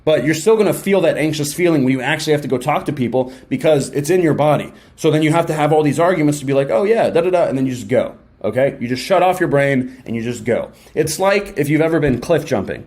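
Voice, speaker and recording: A young man giving a casual motivational talk straight to his viewers, energetic and slangy, often acting out quick imagined exchanges. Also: on the high side. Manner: energetic, slangy, acts out quick mock dialogues. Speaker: self-help video host.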